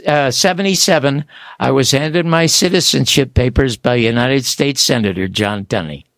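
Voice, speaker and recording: An older man tells his stories in an animated, rambling way. His voice has a gravelly edge, and the sound is dry and close, with no room around it. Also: mid-range voice, normal speed, no room sound. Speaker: guest author. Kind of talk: storytelling interview.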